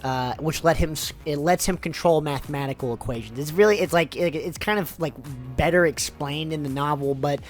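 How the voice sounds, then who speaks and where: A man's voice: fairly high pitch, brisk, faint music behind. A man giving a loose, rambling spoken summary of a story, full of fillers and swearing. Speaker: YouTuber summarizing light novels.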